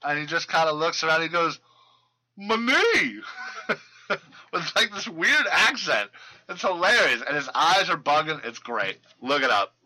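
A man talks loosely through football injury and roster news. His voice is very bright and forward. He stumbles and restarts often, filling gaps with ums and uhs. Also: on the high side, animated, moderate pace, rough recording. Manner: loose and rambling, many fillers and restarts. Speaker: fantasy football podcast host. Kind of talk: casual sports news chat.

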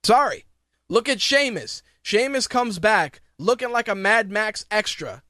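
A man's voice: sits high, lively intonation, unhurried, sharp tone, dry recording, clean studio sound. A man hosting a podcast, ranting profanely and sarcastically in opinionated wrestling talk. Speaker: podcast host.

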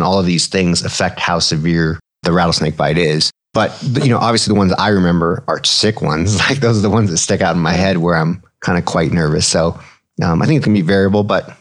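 A man in his thirties with a low, deep voice talks through medical details in a relaxed podcast chat. He explains things plainly and mixes clinical terms with casual slang, like a physician at ease with his co-host.

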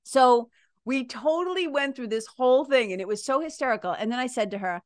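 A woman around fifty, hosting a podcast and telling a story in a casual, animated way. She laughs often and swears freely. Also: high-pitched, brisk, no room sound, clean studio sound. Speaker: podcast host.

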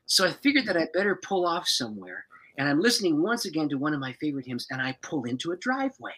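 A man who is a pastor, an animated storyteller who laughs often as a guest on a podcast. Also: fairly high pitch, fast, rough recording.

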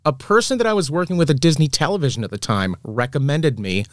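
A man's voice: fairly high pitch, animated, quick pace, dry recording, clean studio sound. A man, an animation artist, in casual chat, rambling and joking at his own expense, with some swearing. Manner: rambling, self-deprecating, profane storytelling.

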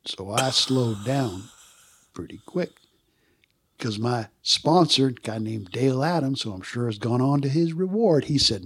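A man in his sixties, a former Marine, telling lively stories in a casual interview and acting out other people's voices. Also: medium pitch, a little slow, breathy edge. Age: 60s. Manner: animated storyteller who acts out other people's voices. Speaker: guest, former Marine combat artist.

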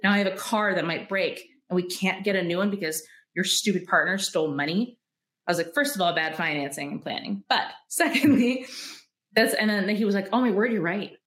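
A woman's voice: medium pitch, fairly quick, fairly bright tone, echoey room. A woman guest entrepreneur telling candid stories in an interview, acting out quoted dialogue and laughing often.

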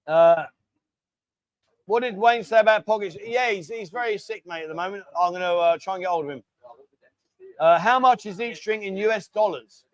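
A man with a fairly high voice hosts a casual live stream, chatting loosely and reading out viewer messages. He calls everyone mate and keeps the talk informal. The sound is dry and close. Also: moderate pace, no room sound, muffled recording.

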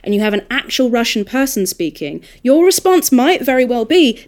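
A woman with an Australian accent, an audiobook narrator talking shop in a casual roundtable discussion, thoughtful and animated when she makes a point. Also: fairly high pitch, moderate pace.

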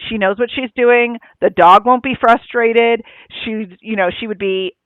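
Co-host, mid-pitched, reflective and casual, thin phone-like dry sound. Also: fairly even intonation, a little slow, smooth, no room sound. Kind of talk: casual chat. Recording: tinny phone-like line, dry.

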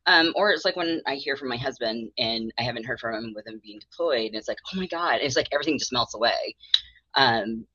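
A woman's voice: a bass voice, a little fast, bright, forceful tone, breathy edge, no room sound, highs cut off. A woman in her thirties, a mental health therapist, talking candidly and rambling in an interview, laughing often and acting out her own thoughts.

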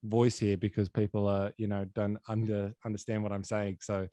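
A man's voice: lowish voice, little pitch movement, normal speed, mellow, no echo. An Australian man hosting an interview, rambling casually with lots of fillers. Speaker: podcast host.

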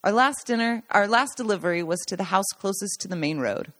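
A woman reading her own memoir aloud as a podcast host, telling the story warmly with small slips and restarts. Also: on the low side, quick pace, no echo. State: choked up at times.

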